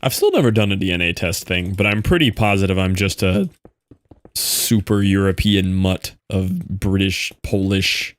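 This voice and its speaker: A man's voice: deep voice, moderate pace, dry recording. A man streaming a block-building game, chatting casually and joking back at the videos he plays. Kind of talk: casual gameplay commentary.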